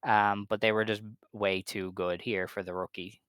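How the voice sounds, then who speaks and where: Male co-host, lowish voice, matter-of-fact recap delivery, dry close recording. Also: flat delivery, normal speed, fairly bright tone, clear, resonant tone, dry recording. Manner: matter-of-fact, running through match results. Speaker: podcast co-host. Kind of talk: casual chat.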